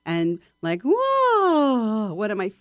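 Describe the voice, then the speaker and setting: A woman voice coach chatting in an interview, lively and expressive, often acting out her students. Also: medium pitch, moderate pace, dry recording, clean studio sound. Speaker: voice coach guest. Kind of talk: casual interview chat.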